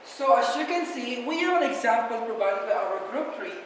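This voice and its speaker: A woman's voice: fairly high pitch, animated, normal speed, slight background noise. A young woman, a student teacher giving a patient, encouraging classroom lesson and repeating key points. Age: young adult. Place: classroom, echoey. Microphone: far camera. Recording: echoey classroom from far off.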